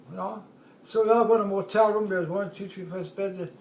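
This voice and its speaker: A man's voice: sits high, brisk, creaky, a little mellow, roomy sound. A man in his eighties, an army veteran, rambling through an old story, laughing often and acting out the voices of people in it. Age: 80s. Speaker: army veteran telling war stories. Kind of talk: casual storytelling at home.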